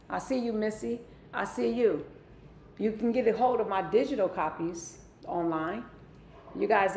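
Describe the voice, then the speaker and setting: Gravelly-voiced middle-aged woman livestreaming. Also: mid-range voice, darkish tone. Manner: emphatic, addresses live viewers directly. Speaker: wellness livestream host. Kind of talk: live-stream motivational talk. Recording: echoey room, faint ambient noise.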